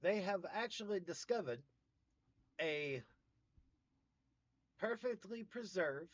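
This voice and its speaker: A man's voice: high-pitched, animated, slow pace, no echo. Joking male streamer, slightly muffled dry sound. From American South. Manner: joking, trades puns and greets viewers by name. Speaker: livestream host. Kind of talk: casual livestream chat.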